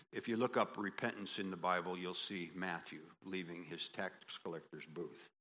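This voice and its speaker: Male pastor, low-pitched but bright and forceful delivery; folksy sermon with acted-out quotes. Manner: animated, builds to emphatic high peaks; folksy asides with quoted voices.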